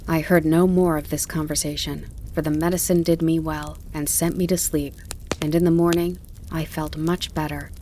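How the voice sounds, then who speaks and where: A woman narrating a classic novel as an audiobook in a measured, even way. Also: deep voice. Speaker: audiobook reader. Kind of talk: calm storybook narration. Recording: faint crackling campfire behind.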